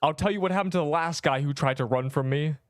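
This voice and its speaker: A man's voice: fairly high pitch, quick pace, no room sound, clean studio sound, faint music behind, close to an everyday voice. A man voicing a menacing male video game boss who taunts players with theatrical, threatening voice lines.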